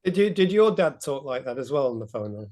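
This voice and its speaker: A man's voice: mid-range voice, big pitch swings, brisk, a crowd in the background. A man presenting an informal talk on a video call, chatty and meandering with light laughs.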